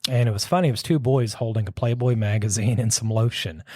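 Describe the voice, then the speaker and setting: A man's voice: lowish voice, fast, mellow, no echo, studio quality. A man casually telling a long ghost story, rambling and circling back with "so anyways.". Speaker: podcast host telling a story.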